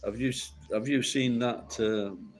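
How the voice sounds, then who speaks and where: A man's voice: medium pitch, fairly even intonation, a little slow, a little hiss or hum, low-quality recording. A middle-aged man with a Yorkshire accent, chatting casually in a rambling, sweary, blunt way. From Yorkshire, northern England.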